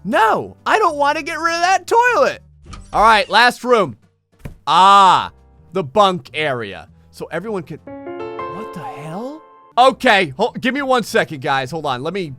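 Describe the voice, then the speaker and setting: A man casually commentating a video game, excitable and chatty, often talking straight to his viewers. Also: sits high, moderate pace, no echo, soft background music. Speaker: gameplay video host. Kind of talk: casual let's-play commentary.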